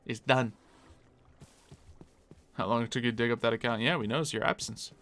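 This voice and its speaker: A man's voice: mid-range voice, a little fast, a bit bright. A man streaming a game live, chatting casually and answering viewers as he plays. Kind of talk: casual live-stream chat while gaming.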